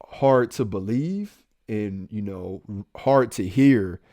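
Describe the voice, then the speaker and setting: A man's voice: on the low side, slow pace. A man co-hosting a podcast, a police officer telling a personal story in casual talk and acting out the voices of the people in it. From Central Ohio. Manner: animated, acts out quoted dialogue.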